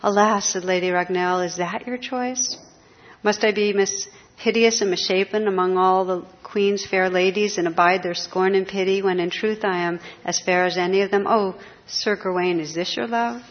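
A woman's voice: medium pitch, fairly even intonation, moderate pace, lightly acted. A woman reading the part of an enchanted lady cursed to look old and hideous, speaking in a pleading, sorrowful way, on a slightly dull recording.

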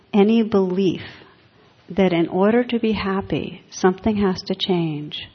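A woman meditation teacher giving a gentle, reflective dharma talk with light humor to an audience. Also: on the low side. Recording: dull echoey hall.

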